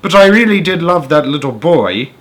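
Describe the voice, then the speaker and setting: A man's voice: fairly high pitch, sing-song, moderate pace, pitched above the performer's own voice. A man voicing a gloomy, grumbling male earthworm in a storybook reading.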